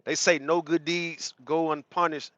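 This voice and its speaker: Streamer type: blunt, profane man, higher-pitched and punchy, dry close sound. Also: level tone, measured pace, a bit bright, dry recording. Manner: blunt, slangy and profane, greets chatters mid-rant. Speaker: livestream host. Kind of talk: casual livestream talk to chat viewers.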